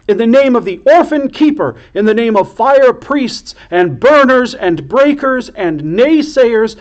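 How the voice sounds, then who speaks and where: A man voicing a cruel young woman, a henchwoman with a shrill voice, in a storybook reading. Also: darkish tone, muffled recording. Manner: commanding, later wailing.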